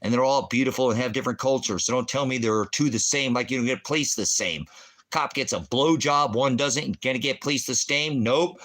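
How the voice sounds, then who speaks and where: A man's voice: medium pitch, fairly quick. A middle-aged man and veteran hosting a ministry livestream, ranting angrily and cursing at commenters in a combative way. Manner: profane, combative, shouting insults at chat. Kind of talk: angry livestream rant.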